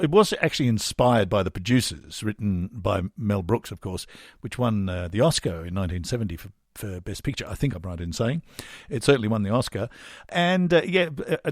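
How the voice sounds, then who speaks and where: A man's voice: lowish voice, dry recording, clean studio sound. A middle-aged Australian man hosting a podcast, chatting wryly in a rambling, casual way. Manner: chatty, wry, rambling with fillers. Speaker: podcast host and songwriter.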